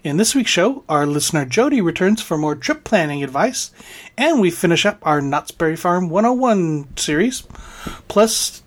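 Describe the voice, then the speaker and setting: A man hosting a casual podcast, reading announcements in an upbeat, announcer-like way and chatting with his co-hosts. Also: high voice. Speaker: podcast host.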